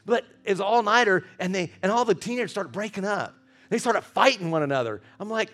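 A middle-aged man preaching a sermon in an animated way, often stammering over repeated words and laughing. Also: high voice, brisk. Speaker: pastor.

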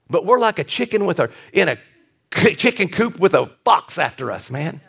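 Animated preaching man. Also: high voice, moderate pace, gravelly, slightly rough. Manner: animated preaching with sudden loud bursts and quiet asides. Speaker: pastor. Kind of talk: sermon.

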